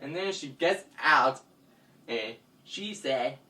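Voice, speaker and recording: A man narrating a homemade story for a vlog in a slow, animated way. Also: mid-range voice. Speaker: vlogger and storyteller. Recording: distant mic with background noise.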